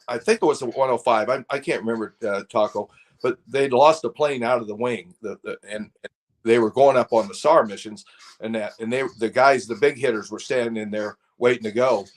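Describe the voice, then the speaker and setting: A man's voice: mid-range voice, steady tone, fairly quick. Rambling older man telling stories. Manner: rambling, laughs often, restarts. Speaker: guest, former fighter pilot. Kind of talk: casual storytelling.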